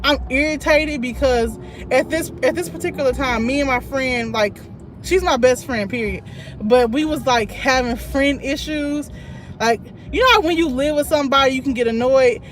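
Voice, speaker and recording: A young woman live-streams from her car, telling a story in a chatty way, laughing readily and reading out viewer comments as she goes. Her voice is high, and there's a little hiss or hum.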